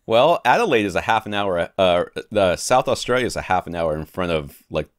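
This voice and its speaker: A man with a deep, low voice co-hosts a podcast in easy casual chat. He jokes, rambles and restarts his sentences, chuckling along. The sound is dry and close to the mic. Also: expressive, brisk, no room sound. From United States. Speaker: podcast co-host.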